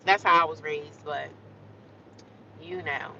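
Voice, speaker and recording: A woman's voice: deep voice, fairly even intonation, takes it slowly, bright, forceful tone, distant mic, highs cut off, a little hiss or hum. A woman chatting casually to her livestream viewers, talking straight to them and drifting into bits of song. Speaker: vlogger.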